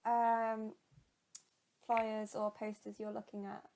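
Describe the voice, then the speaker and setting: A woman's voice: mid-range voice, monotone, slow, warm tone. A woman acting as game master, describing scenes and laughing often while she narrates. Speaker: dungeon master.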